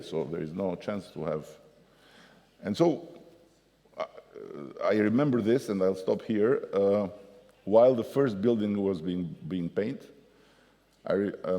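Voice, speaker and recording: A man with an Albanian accent, a politician telling lively anecdotes and acting out the people he quotes as a guest at a forum. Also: deep voice. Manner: animated storyteller, acts out the people he quotes. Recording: long reverb of a conference hall.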